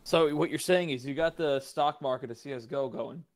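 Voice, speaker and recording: A man's voice: mid-range voice, brisk, no echo. A man in casual gaming chat, rambling with many fillers.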